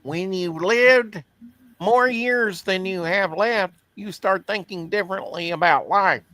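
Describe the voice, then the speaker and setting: Man doing a cartoon rabbit, high, slow drawl, dry mic. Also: bright, forceful tone, no room sound, exaggerated voice. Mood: musing. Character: cartoon rabbit, wisecracking male.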